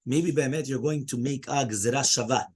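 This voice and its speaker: A man teaching a Talmud class, animated and full of "okay?" and "right?", mixing Hebrew and Aramaic terms into English. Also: medium pitch, normal speed, husky.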